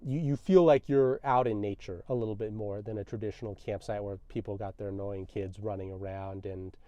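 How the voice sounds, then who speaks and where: A man's voice: lowish voice, steady tone, fairly quick, warm tone, lo-fi sound. A young man vlogging, telling a road-trip story in a casual, wry, self-deprecating way.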